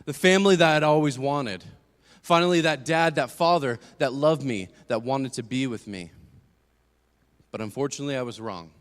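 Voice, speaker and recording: A man's voice: mid-range voice, normal speed. Earnest young man preaching testimony. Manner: earnest storytelling, swings from hushed to emphatic. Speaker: guest speaker giving testimony. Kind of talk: personal testimony sermon. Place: church sanctuary. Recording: long hall reverb.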